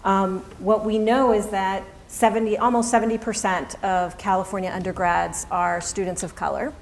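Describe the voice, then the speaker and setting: Measured woman moderating a forum. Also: medium pitch, fairly even intonation, gravelly, slight background noise. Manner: measured, earnest, deliberate.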